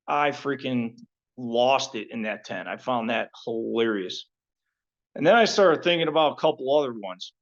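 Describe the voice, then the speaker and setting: A middle-aged man who served as a Marine gunnery sergeant reminisces to his former unit. His delivery is loose and profane, full of jokes and slipping into sincerity. His voice sits at an ordinary pitch, and the recording sounds a little dull. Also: moderate pace. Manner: profane, joking, heartfelt at the end. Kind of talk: casual storytelling to fellow Marines.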